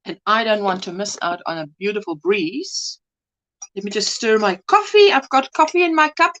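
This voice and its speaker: A woman's voice: mid-range voice, expressive, moderate pace, fairly bright tone. A middle-aged woman hosting a casual livestream from home, chatting and greeting viewers by name. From United States. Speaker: livestream host. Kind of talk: casual chat reading viewer comments. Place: home by an open window, breeze blowing.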